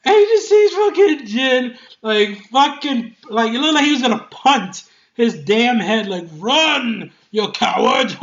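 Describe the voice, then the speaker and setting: An excitable game reviewer talking casually, swearing often, laughing a lot and rambling with many fillers and restarts. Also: mid-range voice, dull audio.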